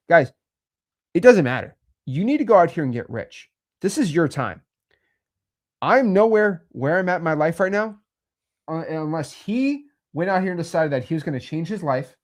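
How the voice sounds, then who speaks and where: A man hosting a talk, speaking bluntly and pushily and repeating himself. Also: on the high side. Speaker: host. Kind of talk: motivational talk.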